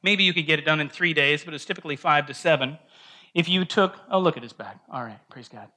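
Man, Bible class teacher, bright forceful voice, slightly high pitch, chatty, keeps asking "right?". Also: fast talker. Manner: conversational, asks the group questions, frequent restarts and "right?".

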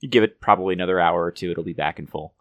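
Man, game master, laid-back and halting, lowish voice, dry recording. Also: a bit bright, dry recording, dull audio. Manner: hesitant, restarts sentences, laid-back. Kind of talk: narrating a tabletop game.

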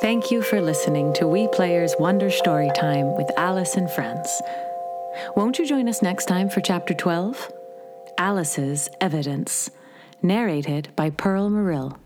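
A woman's voice: lowish voice, expressive, measured pace, over music. A woman host reading a scripted, upbeat sign-off and appeal for a story podcast. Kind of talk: scripted announcement.

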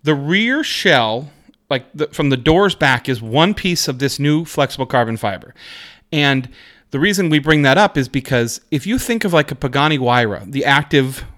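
A man's voice: medium pitch, animated, normal speed, a bit bright. A man co-hosting a podcast, chatting casually and enthusiastically about cars, rambling with restarts. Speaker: podcast co-host. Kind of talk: casual car chat. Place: Seattle area.

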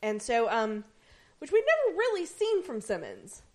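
A woman's voice: fairly high pitch, normal speed. A woman co-hosting a casual chat, animatedly retelling a TV episode. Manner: animated retelling with playful quoted voices. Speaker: podcast co-host.

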